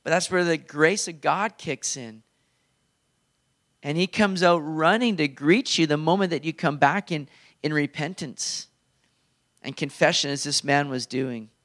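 A man's voice: a little high, unhurried, fairly bright tone. A male pastor preaching a sermon in an earnest, conversational way.

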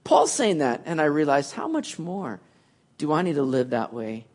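A man's voice: fairly high pitch, very animated, moderate pace, a little mellow. A man preaching a sermon, telling a story with acted asides and often restarting his words. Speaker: pastor.

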